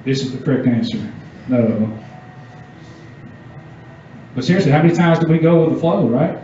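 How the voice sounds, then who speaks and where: A man's voice: fairly high pitch, animated, normal speed, mellow, slight background noise. A man giving a youth sermon, reading scripture and asking the audience casual questions. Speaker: youth pastor. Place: church meeting room. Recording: echoey dull room sound from far off.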